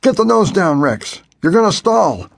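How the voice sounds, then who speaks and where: A tense male pilot, as a man puts him on, pleads over the radio, urgent and pushing, his pitch jumping up high and all over the place. The voice is husky and sounds dry and close. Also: big pitch swings, moderate pace. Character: tense adult male pilot talking down a plane.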